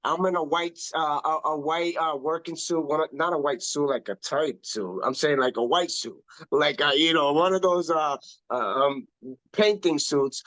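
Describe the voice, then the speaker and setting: An emphatic, animated man leading a casual online coaching session. His voice sits a bit high for a man, and the sound is close and dry, as if heard over a video call. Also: moderate pace, no room sound. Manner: emphatic, animated, repeats himself. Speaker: social media coach. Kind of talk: casual webinar talk.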